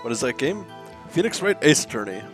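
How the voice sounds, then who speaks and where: A male streamer talks live into a headset microphone while he plays. His voice rises and falls with lively energy, and he laughs often between lines of chat. Game music runs underneath. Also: medium pitch, brisk. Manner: reads game dialogue aloud, laughs often.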